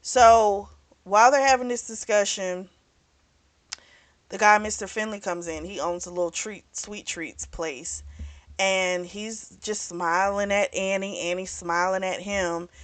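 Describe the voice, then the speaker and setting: A woman hosting a book club channel, casually retelling a novel's plot in a chatty, animated way with frequent "you know"s. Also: medium pitch, unhurried.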